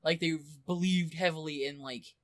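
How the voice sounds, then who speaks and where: A woman's voice: low voice, moderate pace, no room sound. A young woman co-hosting a podcast, retelling a story in casual chat and acting out the characters' lines. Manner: animated plot retelling, acting out quotes. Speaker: podcast co-host.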